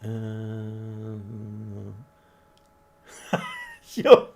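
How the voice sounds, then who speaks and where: Gravelly-voiced man chatting on a stream. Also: on the low side, extremely slow, long pauses, darkish tone. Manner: chatty, answers viewers' chat, swears mildly. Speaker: game livestreamer. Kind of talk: casual live-stream commentary.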